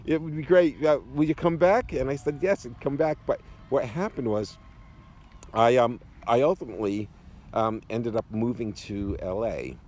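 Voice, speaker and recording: A man's voice: medium pitch, moderate pace. A man telling a long funny story about a past gig, laughing often as he goes. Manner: animated, laughs often while telling jokes. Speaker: guest storyteller. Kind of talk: casual anecdote telling.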